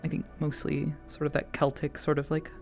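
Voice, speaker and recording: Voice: medium pitch, monotone, a little fast, creaky, darkish tone, faint music behind. A roleplay streamer chatting in character with a light put-on Irish accent, musing and rambling, a little self-conscious about the voice. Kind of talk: casual in-character roleplay chat.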